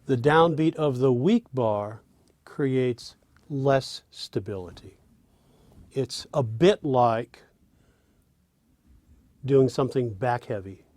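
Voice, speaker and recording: A man teaching songwriting, explaining phrasing in a measured way with small hesitant pauses. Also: medium pitch, darkish tone, no echo. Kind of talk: explaining song structure.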